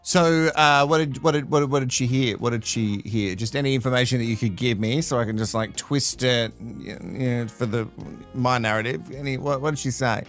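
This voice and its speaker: A man hosting a casual comedic recap of a reality show, sarcastic and quick to get fired up, laughing often, tired and run down. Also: mid-range voice, a bit bright, faint music behind. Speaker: recap host.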